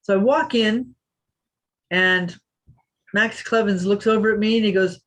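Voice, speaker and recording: Woman telling a lively story. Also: medium pitch, a little slow, pauses often. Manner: lively anecdote teller who acts out quotes. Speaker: interview guest. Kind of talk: storytelling in a podcast interview.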